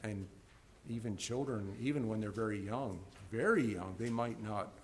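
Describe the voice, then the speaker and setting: At a moderate pace, a man preaches to his congregation over slight background noise. He shifts from booming, emphatic moments to hushed ones and tends to repeat words when he begins again.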